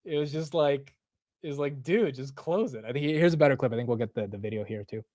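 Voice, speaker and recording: Man, market livestream host, casual slangy chat, excitable, dry close sound. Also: mid-range voice, quick pace, no room sound. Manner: excitable, laughing, loose slang. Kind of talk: casual live market commentary.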